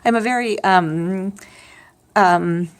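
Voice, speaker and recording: A woman's voice: mid-range voice, slow pace. A middle-aged woman talking candidly and a bit wearily about grief, rambling with many restarts and wry asides. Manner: candid and upfront, with wry humor. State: tired. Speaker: vlogger sharing her grief story. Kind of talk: casual personal monologue.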